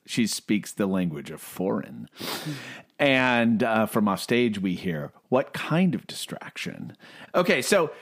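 A man co-hosting a podcast, rambling through comic strip panels in casual comedic chat, often restarting and breaking into laughter. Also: medium pitch.

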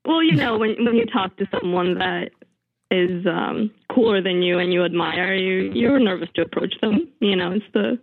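A woman's voice: mid-range voice, moderate pace, vocal fry, no room sound. Woman with a Bulgarian accent on a phone line. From Bulgaria and Russia. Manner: hesitant, many ums, laughs nervously. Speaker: caller. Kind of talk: phone call into a podcast. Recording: tinny phone line, dry.

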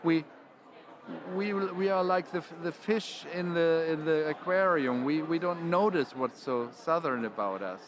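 A man's voice: fairly high pitch, a little slow. A man, speaking as a panel guest and often restarting his phrases. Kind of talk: panel discussion.

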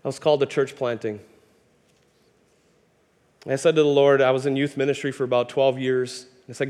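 A man's voice: mid-range voice, flat delivery, brisk, pauses often, darkish tone. A male pastor in his thirties preaching a sermon, impassioned and storytelling, stumbling over repeated words as he builds up. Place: church sanctuary. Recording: hall reverb.

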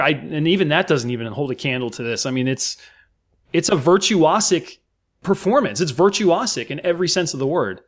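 An American man, a guest on a podcast, talking about a film with emphatic enthusiasm and many fillers. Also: medium pitch. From United States. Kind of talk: casual film discussion.

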